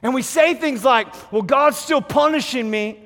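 Animated, joking male pastor, storytelling sermon voice, reverberant church hall. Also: very high-pitched, a little slow. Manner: animated, jokey storyteller who acts out voices.

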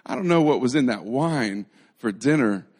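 A man's voice: medium pitch, expressive, normal speed, a little mellow, breathy edge. A man voicing a fiery young disciple who brushes things off in disbelief, acted out inside a sermon. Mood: incredulous.

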